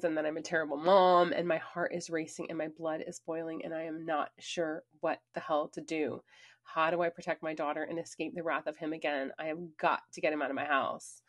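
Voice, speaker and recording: A woman reading her own memoir aloud in an earnest, emphatic storytelling manner, with casual conversational asides. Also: low-pitched. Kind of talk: personal memoir narration.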